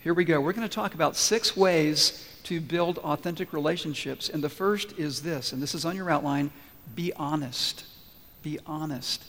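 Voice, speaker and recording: Male pastor, Sunday sermon; earnest, encouraging, higher voice, long hall reverb. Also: fairly bright tone. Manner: earnest, encouraging, with deliberate pauses. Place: church sanctuary.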